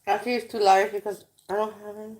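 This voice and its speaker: A woman's voice: medium pitch, flat delivery, brisk, darkish tone. Blunt, swearing woman vlogger. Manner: blunt, profane, rambling. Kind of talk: casual rambling chat. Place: home kitchen while cooking.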